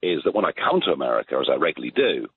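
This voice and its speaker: British man in his 60s, phone guest, husky, lively emphatic delivery, repeats himself. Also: a bass voice, rapid-fire, no room sound. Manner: emphatic, repeats words and restarts. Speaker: guest commentator. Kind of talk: phone-in political chat. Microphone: telephone. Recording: tinny phone line.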